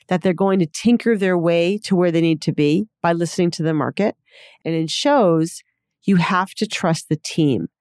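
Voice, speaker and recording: A woman's voice: on the low side, a little mellow, no echo, studio quality. A woman guest, an investor, explaining her thinking at length in a reflective way. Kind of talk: conversational interview.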